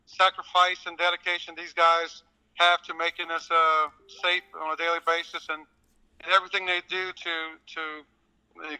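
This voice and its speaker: A man's voice: sits high, bright, forceful tone, clear, resonant tone, rough recording. A man from Louisiana with a Southern accent, speaking politely as a guest on a radio interview. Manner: polite, answers with "yes, sir".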